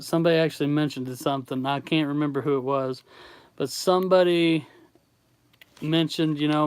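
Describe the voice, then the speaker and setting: A Southern-accented man from Tennessee hosts a laid-back art livestream. His voice is smooth and clear and sits a little high. He rambles easily as he answers the chat's questions. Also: dry recording. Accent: Southern American. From Tennessee, USA. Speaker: artist streamer. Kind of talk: casual livestream chat with viewers.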